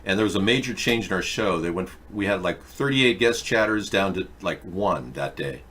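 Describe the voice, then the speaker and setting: A man hosting an online show, giving a relaxed, informal recap before handing over. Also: low voice, normal speed. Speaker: show host. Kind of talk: casual show update.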